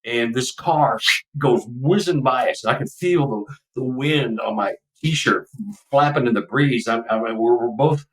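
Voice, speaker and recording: A man's voice: mid-range voice, unhurried, far from the mic, low-quality recording. A man in his seventies from Texas, a podcast guest telling a personal story in a casual, emotional, rambling way.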